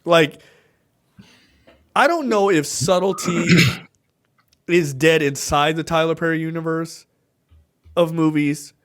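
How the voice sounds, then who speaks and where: A man co-hosting a podcast in casual movie review chat, animated and laughing, acting out lines from the film. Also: fairly high pitch, slow, pauses often. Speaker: podcast co-host.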